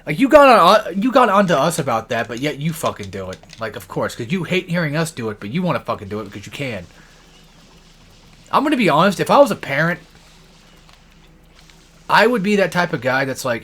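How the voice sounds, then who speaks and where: A young man with a slightly high, sing-song voice that is a bit bright and husky rants while playing a video game. He talks briskly with long pauses, swearing constantly through rambling, profane let's-play commentary.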